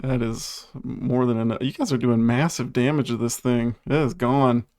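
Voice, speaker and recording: A man's voice: medium pitch, steady tone, normal speed, a little mellow, no room sound. A man acting as game master, easygoing and laughing often as he narrates the results of the rolls. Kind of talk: running a tabletop game.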